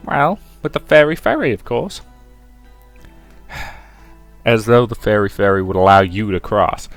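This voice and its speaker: Give me a man doing a wary alchemist with a put-on Deep South drawl, grumbling at every idea. His voice swings up and down a lot as he doubts things aloud. Faint music plays underneath. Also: lively intonation, unhurried. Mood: skeptical. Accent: American Deep South, put on. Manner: skeptical, grumbling.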